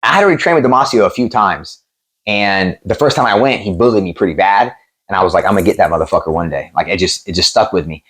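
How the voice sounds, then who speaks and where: A man in his thirties with a fairly low voice tells rough gym stories from his fighting days. He swears freely and jumps into the voices of the people he quotes. It sounds like a relaxed sit-down interview. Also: fast talker. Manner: animated, profane, acts out quotes. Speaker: MMA promoter and former fighter, guest. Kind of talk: casual storytelling interview.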